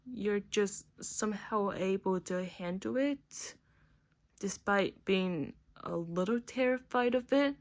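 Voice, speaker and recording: A woman's voice: medium pitch, slow, pitched below the performer's own voice. A woman voicing a small, frightened child in a homemade cartoon, talking in a fretful, stammering way. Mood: worried. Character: small scared child, Nina.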